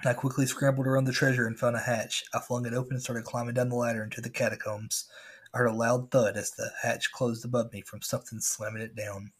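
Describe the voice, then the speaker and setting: A man's voice: mid-range voice, little pitch movement, quick pace, breathy edge. A man reading a scary story aloud as a podcast host, with casual asides.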